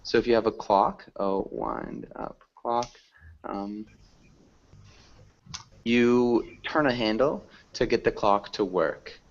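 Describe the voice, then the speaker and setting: Male teacher, patient questions, slow, dull lo-fi call audio. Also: fairly low pitch, big pitch swings, gravelly. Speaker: English teacher. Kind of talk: online class teaching.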